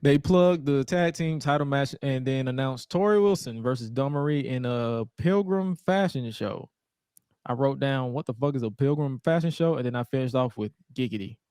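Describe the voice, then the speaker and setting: A man's voice: mid-range voice, moderate pace, darkish tone, clean tone, dry recording, clean studio sound. A man co-hosting a podcast, recapping old wrestling shows in a laid-back, joking, profane way. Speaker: podcast co-host. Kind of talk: casual wrestling recap chat.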